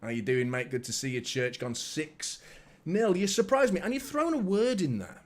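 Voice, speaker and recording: A man hosts a live football watchalong in excitable, chatty talk, greeting viewers by name and often repeating himself. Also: fairly high pitch, normal speed. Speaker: fan channel host.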